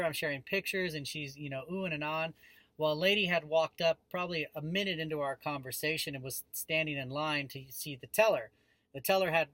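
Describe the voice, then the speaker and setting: A man in his thirties hosting a casual vlog from his parked car, telling a story with an animated delivery and frequent fillers. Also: medium pitch, no room sound, poor audio. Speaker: vlog host.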